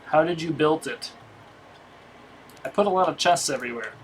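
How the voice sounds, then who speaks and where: A man's voice: on the high side, normal speed, slight background noise, poor audio. A man streaming a game, testing a weapon and muttering damage numbers in casual commentary from a home setup.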